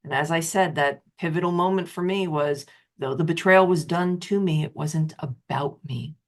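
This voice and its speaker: A middle-aged woman, a betrayal recovery specialist, tells her own story with emotion, repeating phrases and swinging her pitch up hard for emphasis. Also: moderate pace. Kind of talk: personal testimonial talk.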